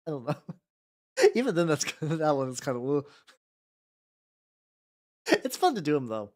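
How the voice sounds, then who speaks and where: A man's voice: a little high, big pitch swings, moderate pace, pauses often, a little mellow. A young man streaming as a VTuber, chatting casually and rambling while he paints miniatures, with frequent restarts and self-deprecating jokes.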